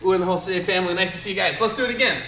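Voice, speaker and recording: Guy coaching a kids karate class over video, peppy, keeps calling counts, bright voice, echoey dojo. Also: high voice, racing, slight background noise. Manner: upbeat and encouraging, calling out counts and commands. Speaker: martial arts instructor. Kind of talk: teaching a live online kids' karate class. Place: martial arts studio. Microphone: camera a few steps away. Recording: roomy studio echo.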